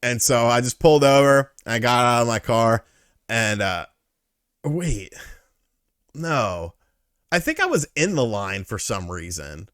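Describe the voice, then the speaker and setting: A man hosting a casual interview, telling stories in an animated, profane way. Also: mid-range voice, unhurried, pauses often, clear, resonant tone, dry recording, studio quality. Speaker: host.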